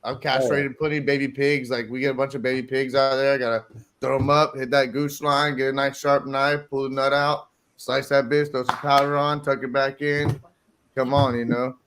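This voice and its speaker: A man's voice: mid-range voice, flat delivery, normal speed, fairly bright tone, slight background noise. A man telling crude hunting stories in a casual chat, swearing freely and laughing often. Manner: crude, profane storyteller who laughs often.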